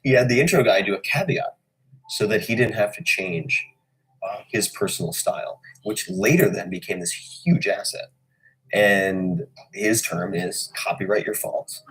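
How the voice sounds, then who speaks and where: A man with a very husky voice speaks as a guest in casual podcast talk. He is animated, mimics other voices and swears casually. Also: on the low side, a little slow, rough recording.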